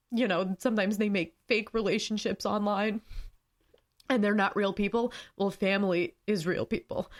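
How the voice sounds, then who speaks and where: Earnest young woman hosting a podcast. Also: lowish voice. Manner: earnest and emotional, rambling with fillers. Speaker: podcast host. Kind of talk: solo podcast talk, partly reading notes aloud.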